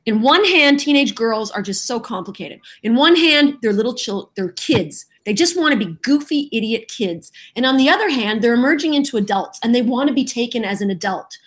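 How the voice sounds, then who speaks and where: Woman, middle-aged, slightly high voice, lively storyteller, podcast guest. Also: fairly quick, few pauses. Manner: lively storyteller who acts out voices and quotes. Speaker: voice actress guest. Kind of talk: casual podcast interview.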